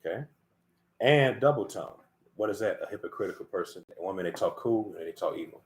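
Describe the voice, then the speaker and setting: A man's voice: fairly low pitch, animated, fast talker, a little hiss or hum. A man giving an informal sermon, scolding and emphatic, repeating himself and swearing freely as he lectures his listeners. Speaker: lay preacher. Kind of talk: casual preaching.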